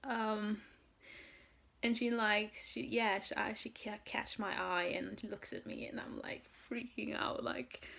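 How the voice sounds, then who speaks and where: A woman from Norway, telling a story in an excited vlog, full of "like" and "um". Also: mid-range voice, slow pace, gravelly. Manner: gushing, excitable, heavy use of "like" and "um". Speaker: vlogger.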